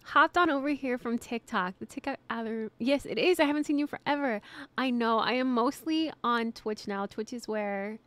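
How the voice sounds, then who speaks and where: A woman's voice: a little high, normal speed, fairly bright tone, dry recording. A young woman streaming a game live, chatting with viewers, giggling often and shrieking and swearing when startled.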